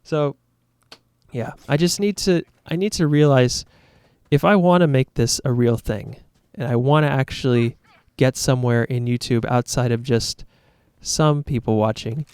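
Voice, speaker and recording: A man's voice: mid-range voice, a little slow, darkish tone, clean tone, no echo. Earnest, rambling male YouTuber. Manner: earnest, rambling and self-critical. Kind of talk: casual reflective monologue.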